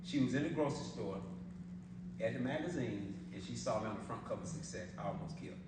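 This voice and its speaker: A man's voice: mid-range voice, quick pace. Guy hyping up a room, storytelling and laughing, mic far off, noisy echoey hall. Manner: animated storytelling, laughing often, colloquial. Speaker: business opportunity presenter. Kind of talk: motivational sales presentation. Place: event hall.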